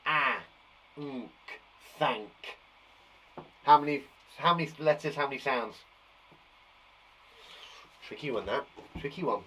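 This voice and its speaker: A man teaching young children a live phonics lesson, encouraging them warmly and sounding out letters slowly. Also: mid-range voice, a little hiss or hum, rough recording. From England. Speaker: primary school teacher.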